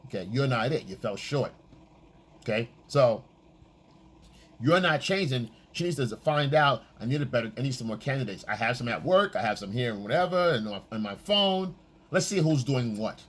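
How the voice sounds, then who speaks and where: Male dating coach, husky tone, lively swooping delivery, casual profane monologue. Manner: animated, acts out quoted lines in a high voice.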